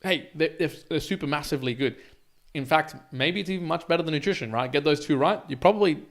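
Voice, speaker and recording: Fast-talking emphatic man on a podcast. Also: a little high. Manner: emphatic, restarts words, lectures with examples. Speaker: podcast co-host. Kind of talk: casual podcast chat.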